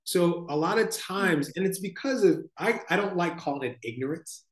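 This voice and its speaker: A man, a podcast guest, talking slowly and thoughtfully about life and spirituality, often adding "like" and "right?". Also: sits high, animated, reverberant. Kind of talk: reflective conversational storytelling.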